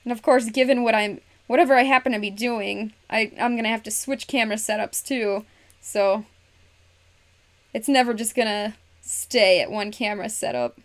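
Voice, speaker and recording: A woman's voice: fairly high pitch, moderate pace. A woman hosting a casual craft livestream, chatting to viewers and talking herself through each step with frequent laughs. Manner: speaks to viewers in chat. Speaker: livestream host.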